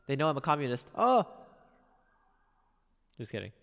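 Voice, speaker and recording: A man streaming piano requests, chatting casually and wryly with his chat in a soft, drifting way. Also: animated, moderate pace, long reverb tail. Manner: chatty, wry, drifts soft and low between songs.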